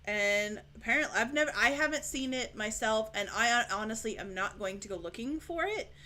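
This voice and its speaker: Woman co-host, book chat; bright, fairly high voice, hesitant and casual. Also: lively intonation, normal speed.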